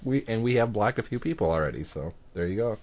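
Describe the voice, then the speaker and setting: A man's voice: on the low side, expressive, quick pace, a little mellow. A man hosting a podcast, talking in an easygoing, chatty way with lots of fillers and restarts. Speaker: podcast host. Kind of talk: casual chat.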